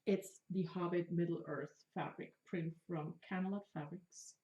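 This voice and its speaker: A woman's voice: on the low side, steady tone, normal speed, dark tone, highs cut off. A woman in her thirties hosting a casual craft podcast, talking with chatty enthusiasm and joking about herself. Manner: chatty, enthusiastic, self-deprecating jokes. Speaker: podcast host. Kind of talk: casual chat.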